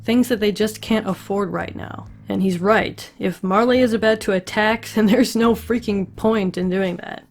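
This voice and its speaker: A woman's voice: mid-range voice, fairly even intonation, moderate pace, hardly any pauses. A woman chatting casually through an episode recap, with wry asides. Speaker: recap host.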